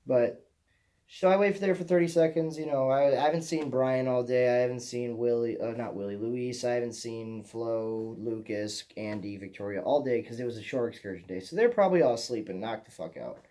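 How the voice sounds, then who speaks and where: Mellow-voiced young man telling rambling stories. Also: mid-range voice, brisk. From Michigan, USA. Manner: profane, rambling, repeats himself. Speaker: vlogger. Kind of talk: rambling personal storytelling.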